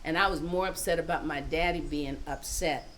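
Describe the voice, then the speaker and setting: An older woman telling a family story live, expressive and laughing often. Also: sits low, moderate pace, slight background noise.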